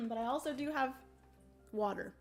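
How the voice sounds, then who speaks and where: A woman hosting a board game livestream, explaining the rules casually with many ums and a throaty morning voice that she keeps clearing. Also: high voice, a little slow, darkish tone, faint music behind. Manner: chatty, many ums, thinks aloud.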